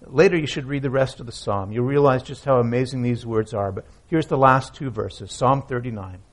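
A man preaching a sermon as pastor, reading scripture aloud and swinging from loud emphatic lines to hushed, near-whispered ones. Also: mid-range voice, a little fast. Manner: reads scripture aloud with feeling.

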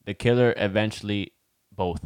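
A man's voice: on the low side, steady tone, moderate pace, smooth, dry recording, studio quality. A young man co-hosting a podcast in casual chat, swearing freely and dropping Spanish phrases into his talk. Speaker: podcast co-host.

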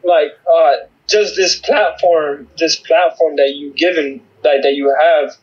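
A man speaking as an interview guest, giving a halting personal testimony full of fillers, heard over a remote call. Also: on the high side, steady tone, a little mellow, lo-fi sound. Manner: halting, many fillers and restarts.

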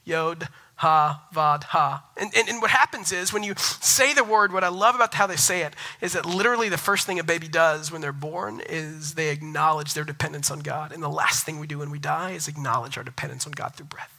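Bright-voiced young male pastor preaching. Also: fairly high pitch, a little fast, vocal fry, low-quality recording. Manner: animated storytelling, rising loud when excited. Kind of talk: sermon.

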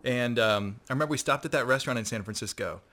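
Relaxed teasing male host. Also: mid-range voice, fast talker. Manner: relaxed, laughs along, teasing. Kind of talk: casual chat.

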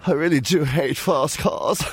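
An Irish radio host voicing a soft, mannered older English gentleman in a story. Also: fairly high pitch, measured pace, voice pushed down, lightly acted. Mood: mild.

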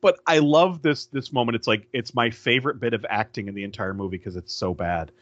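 A man's voice: medium pitch, a little fast, no room sound, dull audio. A man co-hosting a podcast, animatedly retelling a movie's scenes and acting out bits of dialogue. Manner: animated retelling, acts out lines, laughs often. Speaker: podcast co-host. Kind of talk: casual film recap chat.

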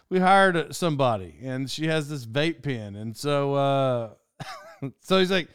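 A man's voice: mid-range voice, expressive, measured pace, fairly bright tone, smooth, dry recording, studio quality. A man hosting a podcast in a casual monologue, rambling and cutting himself off, with frequent laughs. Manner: rambling and self-interrupting, laughs often. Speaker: podcast host.

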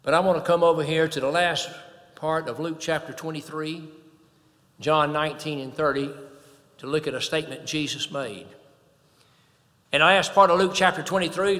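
A man's voice: on the high side, fairly even intonation, moderate pace, fairly bright tone, long reverb tail. A man preaching a sermon, emphatic, swelling and dropping in volume.

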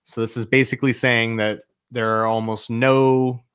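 A man's voice: mid-range voice, little pitch movement, moderate pace, a bit bright, clear, resonant tone. A young adult man hosting a casual podcast, explaining ideas from notes with plenty of swearing and laughter. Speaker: podcast host.

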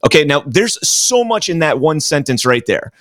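A man's voice: on the high side, sing-song, normal speed, fairly bright tone, no room sound. A man, a guest writer, giving casual political commentary in a rambling, explanatory way. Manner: rambling, explanatory, hedges with "you know".

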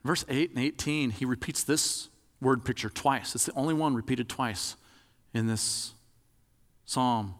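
A man's voice: mid-range voice, unhurried, big-room sound. A man preaching a sermon in a conversational, demonstrative way, acting out examples as he talks.

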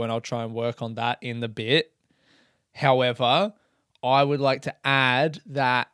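A man talks through a solo podcast episode in a candid, reflective way, often poking fun at himself. His voice is smooth and clear, and his pitch sits in the middle range. The close microphone leaves almost no room sound. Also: a bit bright, no echo. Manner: candid, reflective, a little self-mocking. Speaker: comedian and podcast host. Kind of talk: casual solo podcast monologue.

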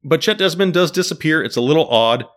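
A man's voice: fairly high pitch, lively intonation, fast, fairly bright tone. A man in casual chat, animatedly breaking down a TV series and quizzing his co-host. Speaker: podcast host discussing a TV series.

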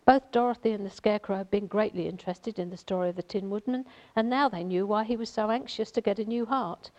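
A woman's voice: mid-range voice, fast talker, darkish tone, poor audio. A woman giving an informal Bible teaching, chatty and rambling, with many fillers and asides. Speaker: lay preacher.

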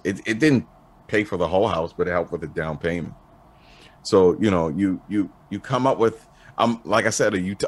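A man talking as a guest in a casual interview, laid-back and halting, with many restarts and fillers. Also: sits low. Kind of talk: casual podcast chat.

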